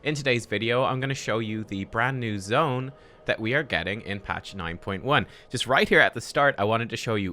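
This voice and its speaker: A man's voice: lowish voice, lively intonation, moderate pace, bright, forceful tone. A man giving chatty, upbeat gameplay commentary as host of a gaming video, laughing often.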